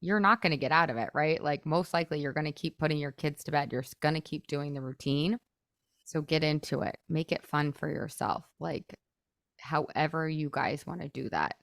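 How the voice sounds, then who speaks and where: Chatty woman coach, lowish dry voice. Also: normal speed, creaky, fairly bright tone, no echo. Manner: chatty, peppered with "like", acts out inner thoughts. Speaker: weight loss coach and podcast host. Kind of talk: casual coaching on a podcast.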